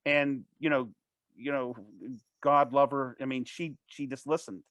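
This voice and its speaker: A man as an interview guest, telling a personal story in a casual, animated way, with frequent restarts and false starts. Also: medium pitch, no echo. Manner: animated, fast-paced anecdote telling.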